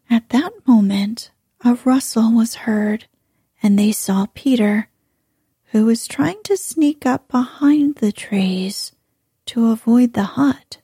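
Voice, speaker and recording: Slow, hushed woman reading a bedtime story. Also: a little high, no echo, clean studio sound. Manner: slow, hushed, breathy delivery. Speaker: sleep story narrator.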